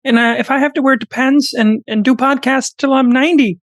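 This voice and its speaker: Brief: a man mimicking an earnest pundit, voice pushed high and overplayed. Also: steady tone, a little fast, no echo, clean studio sound. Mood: mock-earnest. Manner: high, exaggerated, mock-earnest. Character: man's impression of an earnest male pundit.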